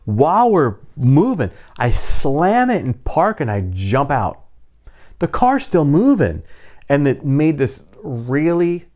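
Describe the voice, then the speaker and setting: A man in his fifties casually telling a personal story, lively and full of mimicked sounds and voices. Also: fairly high pitch, slow. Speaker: storyteller vlogger.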